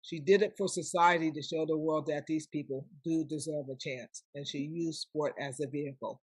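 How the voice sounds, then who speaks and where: A woman's voice: deep voice, normal speed, breathy edge, dry recording. An older woman, a podcast guest, telling stories animatedly and acting out the people she quotes. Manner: animated, acts out quoted voices. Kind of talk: storytelling in conversation.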